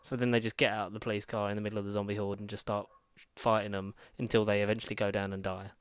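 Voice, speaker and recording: A man on a podcast, casually retelling a film's plot in a rambling, animated way with quick asides. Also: on the low side, clear, resonant tone, no room sound, studio quality. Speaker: podcast co-host reviewing films. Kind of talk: casual chat.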